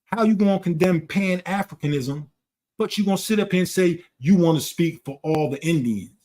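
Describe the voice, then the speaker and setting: A man's voice: sits high, moderate pace, a little mellow. A man talking in a blunt, profane, lecturing way during a casual conversation. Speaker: channel host.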